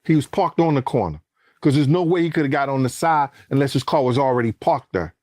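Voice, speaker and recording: Clean studio audio without echo captures a fast-talking man with a medium-pitched voice. He tells his story animatedly and profanely, performing the quoted lines, cursing, and shouting as tension rises.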